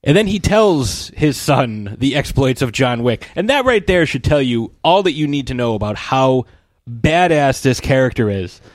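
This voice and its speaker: A man's voice: medium pitch, animated, moderate pace, few pauses, no room sound. A man co-hosting a casual podcast, retelling a film plot in a rambling, profane way with many fillers and restarts. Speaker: podcast co-host.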